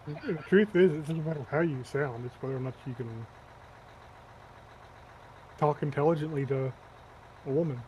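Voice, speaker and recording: Man, dark mellow voice, dry remarks, gaming voice chat, faint noise. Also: on the high side, moderate pace, pauses often, poor audio. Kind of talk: casual gaming stream chat.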